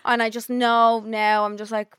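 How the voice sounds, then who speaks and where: A woman's voice: fairly high pitch, little pitch movement, a bit bright, clean tone, no room sound. Chatty Irish woman, dry close sound. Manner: chatty storyteller, quick and swearing, slips into quoted voices. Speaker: podcast host. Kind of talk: casual chat.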